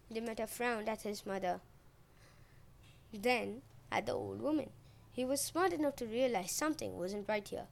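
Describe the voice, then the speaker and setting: A woman's voice: a little high, vocal fry. A woman podcast host retelling a myth in a playful, wry way.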